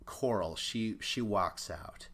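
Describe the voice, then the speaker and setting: A man's voice: lowish voice, slow pace, fairly bright tone. A young man hosting a podcast, giving a chatty, opinionated recap and acting out the quotes. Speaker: podcast host. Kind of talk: casual recap commentary.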